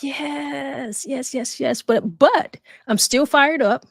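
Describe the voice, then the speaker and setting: A woman's voice: high voice, takes it slowly, vocal fry, no room sound, studio quality. Chatty woman hosting live. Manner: chatty and folksy, addresses viewers as y'all. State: tired. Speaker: co-host of a live talk show. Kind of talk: casual live-stream chat.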